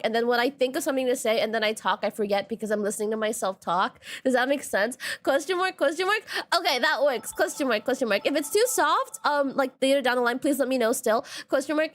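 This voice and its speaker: A young woman streaming a game, chatting casually and quickly, bubbly and repeating her phrases as she talks to her viewers. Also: sits high, fairly bright tone.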